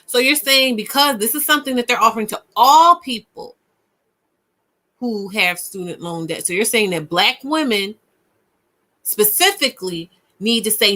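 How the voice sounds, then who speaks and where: A woman co-hosting a casual chat, talking emphatically and repeating her points with punch, dropping low and then bursting out loud and high. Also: moderate pace. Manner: emphatic and ranting, with punchy repetition. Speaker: podcast co-host.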